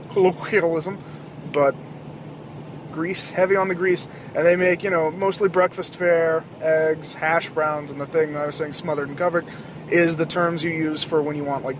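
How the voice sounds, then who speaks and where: A podcast host talking in a rambling, profane monologue while driving at night, with loud outbursts now and then. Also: male voice, a little high, noisy background. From American South. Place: car at night.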